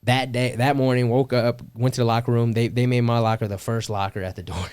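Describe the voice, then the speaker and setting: A man's voice: mid-range voice, little pitch movement, a little fast, a little mellow, smooth, no room sound. Podcast guest, young man from California, slangy and profane storyteller, dry close sound. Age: young adult. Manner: slangy, swears, laughs often, quotes people. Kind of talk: casual storytelling.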